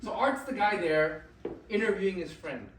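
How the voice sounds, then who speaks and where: Male motivational speaker, animated storyteller, slightly high voice, distant mic, faint room ambience behind. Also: moderate pace, roomy sound, slight background noise. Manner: animated, keeps checking in with "right?". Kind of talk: live storytelling to an audience. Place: event venue.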